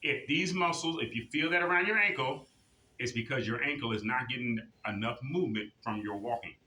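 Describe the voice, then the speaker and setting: A man leading a seniors' exercise class, motivating and coaching, who counts out reps in a loud drill-sergeant cadence. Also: medium pitch, fairly quick. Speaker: fitness instructor. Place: senior center activity room. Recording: echoey room.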